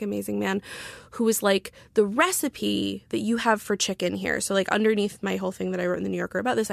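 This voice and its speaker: A woman's voice: mid-range voice, gravelly, no echo. A woman telling a story in casual podcast chat, chatty with many fillers and sarcastic asides. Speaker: guest, writer.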